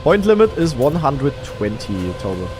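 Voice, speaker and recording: A man from Germany with a light German accent, hosting a live watch party and chatting casually through the races, swearing now and then and bursting into excited shouts. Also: medium pitch, a little slow, music in the background. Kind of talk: casual live esports commentary.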